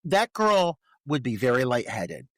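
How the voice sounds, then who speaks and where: A man's voice: medium pitch, sing-song, a little slow, a bit bright, no echo. A man co-hosting a podcast who talks about a film with enthusiastic, laugh-filled remarks and many fillers. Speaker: podcast co-host. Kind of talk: casual film discussion.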